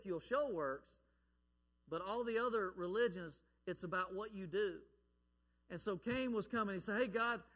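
A man preaching a sermon in an emphatic delivery that swings between hushed, quiet lines and loud, forceful ones. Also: high voice, big-room sound. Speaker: pastor.

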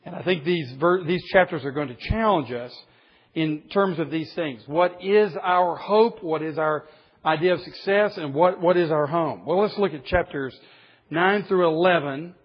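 A man's voice: a little high, normal speed, breathy edge. A man in his fifties, a pastor preaching a sermon in an emphatic, humorous storytelling way. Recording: dull lo-fi recording.

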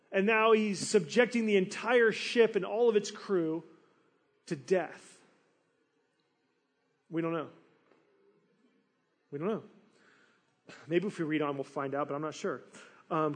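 A man preaching a sermon, telling a story with animated, acted-out quotes. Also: sits high. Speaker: pastor.

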